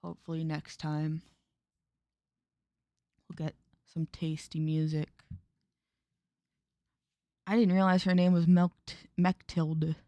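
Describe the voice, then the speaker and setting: A relaxed woman streamer chats over a story game at home, quietly amused and casually crude. Her voice sits low and mellow. The sound is close and dry from a desk mic. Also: slow pace, pauses often, no room sound. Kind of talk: casual let's-play chat.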